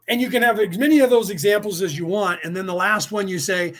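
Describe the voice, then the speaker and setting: Man, high-pitched, argumentative monologue, acts out the voices he quotes. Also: fast, few pauses, fairly bright tone. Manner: repeats "do you see?" to press points. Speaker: speaker on politics and spirituality. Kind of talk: rambling monologue.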